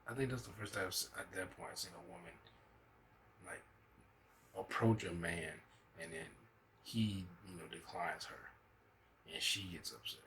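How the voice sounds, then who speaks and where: A man's voice: sits low, very animated, moderate pace, gravelly, pauses often, fairly bright tone, a little hiss or hum, poor audio. A man hosting a reaction video, talking loosely and profanely as he laughs through stories. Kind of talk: casual reaction commentary.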